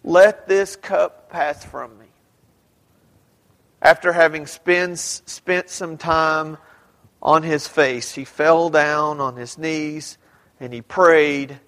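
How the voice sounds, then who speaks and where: High-voiced man preaching in a reverberant hall. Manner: conversational preaching with rhetorical questions and sudden rises to shouts. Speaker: pastor. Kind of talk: sermon.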